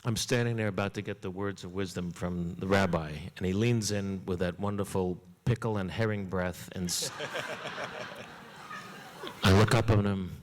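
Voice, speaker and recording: A man with a somewhat low voice tells a comic story on stage, animated and swooping up for punchlines. His voice carries a long reverb from a large hall. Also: moderate pace. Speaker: comedian guest.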